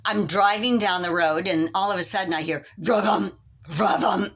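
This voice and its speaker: A woman performing a comedy sketch monologue, telling a story with animated, exaggerated exclamations. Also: fairly low pitch, a little fast. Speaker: comic storyteller.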